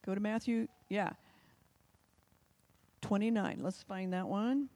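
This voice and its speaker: A woman's voice: mid-range voice, takes it slowly, warm tone. A woman preaching a live sermon to a church, conversational and fervent, often turning to the congregation with questions. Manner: fervent, urgent emphasis. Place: church service, also streamed online.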